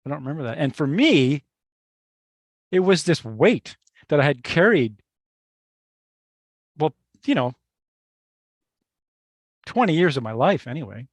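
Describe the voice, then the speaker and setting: A middle-aged man who teaches meditation, telling a personal story in a workshop in a reflective, halting way, with restarts and asides to the listener. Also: a little high, very animated, dry recording.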